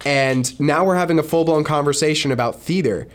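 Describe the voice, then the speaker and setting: A man's voice: a little high, fairly quick. A young man co-hosting a college podcast, chatting casually and retelling stories with quoted voices. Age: young adult. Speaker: podcast co-host. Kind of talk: casual chat.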